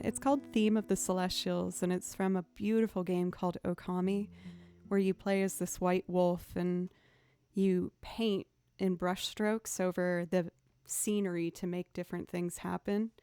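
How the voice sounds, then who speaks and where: Casting note: young woman, violinist livestream host, relaxed chatter, quiet music underneath. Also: medium pitch. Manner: chatty, laughs often, thanks viewers. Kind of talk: casual livestream chat.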